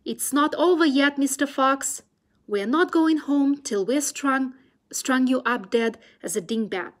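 A woman voicing a furious, scheming male farmer who shouts his threats in a storybook reading. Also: mid-range voice, animated, moderate pace. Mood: angry, scheming.

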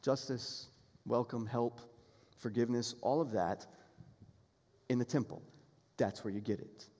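A pastor preaching a sermon, earnest and emphatic, building toward appeals and repeating key phrases. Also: male voice, mid-range voice, unhurried, warm tone, husky. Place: church sanctuary. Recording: long hall reverb in a church sanctuary.

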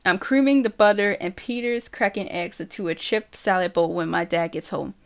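Brief: woman, mid-range voice, unhurried first-person novel reading. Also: medium pitch. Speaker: audiobook reader.

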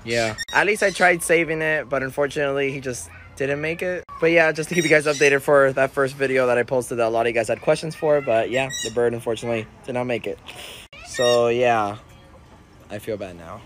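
Young man, goofy, excitable, comedy skits, mid pitch. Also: brisk, a little hiss or hum. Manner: goofy, excitable, often yelling. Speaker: comedy creator.

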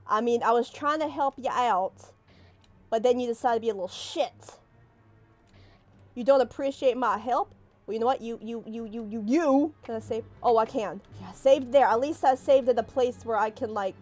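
A young woman playing a horror game, panicking, swearing and yelping as something chases her, then talking herself calm. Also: a little high. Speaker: gaming streamer. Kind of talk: let's play commentary. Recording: faint game music behind.

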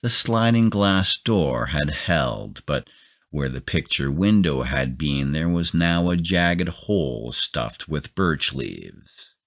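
Very deep-voiced man reading slowly. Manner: calm, measured. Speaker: narrator. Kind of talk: bedtime audiobook narration.

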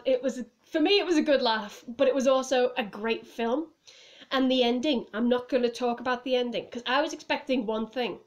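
A woman vlogging casually to camera at home, rambling and giggling as she reviews a film. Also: high voice. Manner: rambling, giggly, lots of "like" and "I was just like". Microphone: phone or camera on a table.

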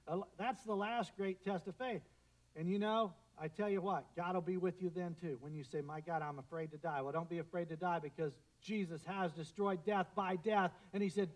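A middle-aged man delivers a sermon from the pulpit in a high, bright voice. He swings between fervent, loud declarations and hushed, prayerful murmurs. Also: rough recording. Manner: impassioned preaching, swelling to loud declarations and dropping to quiet prayer. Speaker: pastor.

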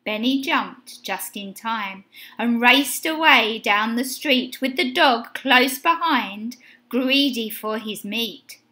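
Slow, lively woman reading a storybook. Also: on the high side. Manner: expressive, sing-song storytelling. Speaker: teacher reading a picture book. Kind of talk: storybook read-aloud.

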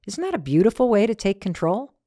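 A woman hosts a motivational podcast in a lively, emphatic voice of middling pitch. She peppers her talk with rhetorical questions and little acted-out asides. The sound is dry and close. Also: brisk, dry recording. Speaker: podcast host.

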